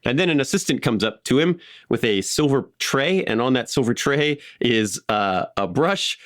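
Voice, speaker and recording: A man co-hosting a podcast, telling a history story in a casual, animated way with frequent fillers. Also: medium pitch, moderate pace, dry recording, clean studio sound. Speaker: podcast co-host.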